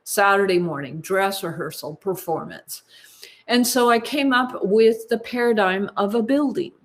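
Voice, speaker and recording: A woman in her fifties, a choral music clinician, giving a teaching session at a conference in an unhurried, explaining way. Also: mid-range voice.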